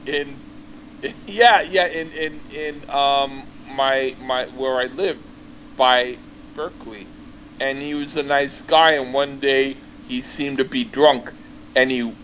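A man's voice: mid-range voice, steady tone, slow pace, a bit bright, a little hiss or hum, poor audio. A man chatting casually over a call on a headset, stumbling and repeating words as he tells stories. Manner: stammering, repeats words, laughs while telling stories. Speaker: podcast guest.

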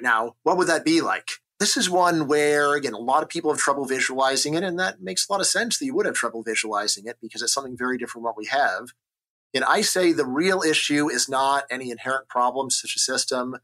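A man from the United States, an economist, explaining ideas in an energetic, argumentative interview style, often checking in with "right?". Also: medium pitch. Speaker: economist guest. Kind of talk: conversational interview.

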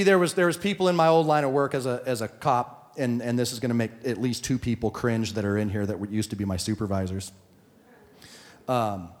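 A male pastor preaching to a congregation, joking and acting out stories as he goes. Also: mid-range voice. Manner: joking, storytelling, acts out quotes. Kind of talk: sermon. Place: church hall. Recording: hall reverb.

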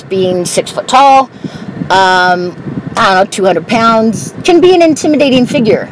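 A woman telling stories in a candid, profane, casual way while she drives her car. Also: medium pitch. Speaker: vlogger. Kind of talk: casual monologue while driving. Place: inside a car on the road. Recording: loud road and car noise.

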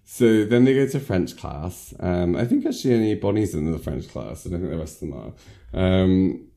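A man's voice: sits low, lively intonation, moderate pace, vocal fry, mellow. A man casually recapping a film scene by scene, rambling with many fillers and frequent laughter.

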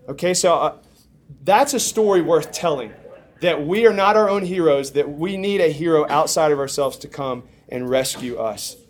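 Man, young adult, preacher, animated storytelling, fairly high voice. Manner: animated storyteller, swings from hushed to shouting. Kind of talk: storytelling sermon.

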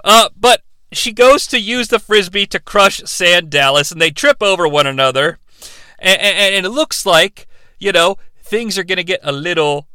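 A man's voice: sits high, animated, normal speed, pushed and bright, clean tone, dry recording. A man co-hosting a podcast, giving a rambling, sarcastic recap of a TV episode and acting out the characters' lines. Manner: sarcastic, rambling, acts out dialogue. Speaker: podcast co-host.

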